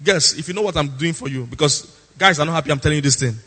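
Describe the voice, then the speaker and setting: A man's voice: a little high, quick pace, bright, forceful tone, big-room sound. A man preaching a sermon as a pastor. He is emphatic, repeats his lines for effect, and slips into theatrical impressions.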